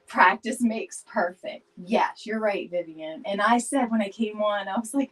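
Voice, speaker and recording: A woman's voice: medium pitch, measured pace, fairly bright tone, poor audio. A woman chatting casually with viewers during a live craft stream, laughing often and greeting people by name. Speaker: DIY home decor live streamer.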